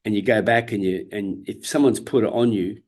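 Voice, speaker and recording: He's a Perth-born ex-world champion boxer in his fifties, telling his story as an interview guest in an Australian accent. The voice is low-leaning, brisk, steady, and a little mellow. His delivery is candid and earnest, full of swearing and restarted sentences.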